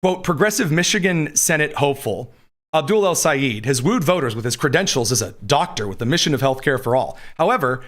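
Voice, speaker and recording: A man's voice: fairly high pitch, lively intonation, brisk, a bit bright. A man hosting a live political commentary show from a studio, combative and sarcastic, reading news quotes aloud between his own remarks.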